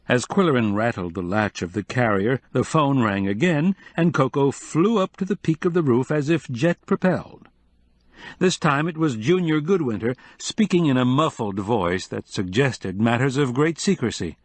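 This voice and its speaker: Man, audiobook narrator, measured storytelling, mid pitch, dry close sound. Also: no echo. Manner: steady, measured storytelling with light character voicing. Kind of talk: scripted narration.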